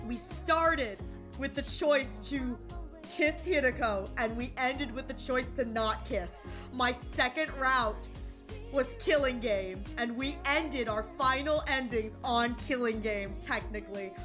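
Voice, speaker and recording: A woman's voice: high voice, takes it slowly, over music. A woman streamer chatting casually on a live game stream, gushing and emotional and often repeating herself.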